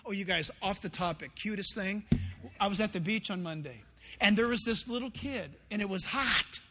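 A man with a very high voice preaches through a scripture passage, stopping for lively, chatty asides to his congregation. His words ring out with the long reverb of a large sanctuary. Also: moderate pace, background noise. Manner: conversational, animated storytelling asides. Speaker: pastor. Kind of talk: expository sermon.

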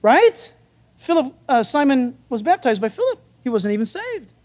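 A man's voice: extremely high pitch, moderate pace. A man preaching a sermon in a conversational, folksy way, acting out the voices in the stories he tells. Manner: animated, acts out biblical dialogue. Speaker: pastor.

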